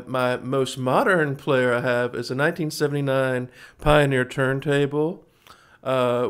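A man's voice: mid-range voice, clear, resonant tone. A man in his forties hosting a music livestream, chatting casually between songs in a folksy, rambling way and calling his viewers folks. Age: 40s.

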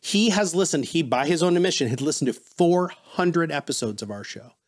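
A man's voice: a little high, fairly quick. A man guest on a business podcast, telling stories in casual interview talk and acting out the people he quotes. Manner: animated storyteller, quotes people in voices.

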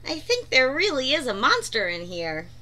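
A woman's voice: high voice, wildly swooping pitch, moderate pace, sharp tone, exaggerated voice. A woman voicing a little male turtle who boasts but is timid underneath.

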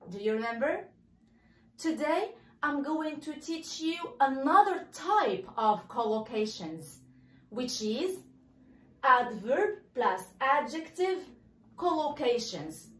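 Lively high-voiced woman teaching English. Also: reverberant. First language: Arabic. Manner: slow, stressed model pronunciations of words. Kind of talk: bilingual language lesson.

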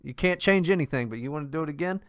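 A man voicing Death personified, asking in a low, offhand way whether you want to live again. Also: lively intonation, very fast, no room sound, studio quality. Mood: coaxing. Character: Death personified, male, offering life again.

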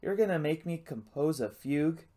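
A man's voice: on the high side, lively intonation, normal speed, mellow, lightly acted. A man voicing an indignant, eager young prince in an audiobook. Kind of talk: audiobook character reading.

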